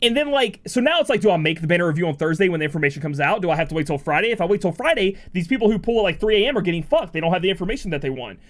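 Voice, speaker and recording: High-voiced man, rambling streamer. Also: animated, rapid-fire, few pauses. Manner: rambling, emotional, swears freely. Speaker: game streamer and content creator. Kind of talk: casual livestream chat.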